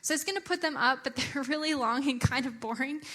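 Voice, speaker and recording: A young adult woman giving a chatty, animated church talk, often using filler words. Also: high-pitched, fast talker. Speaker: church speaker.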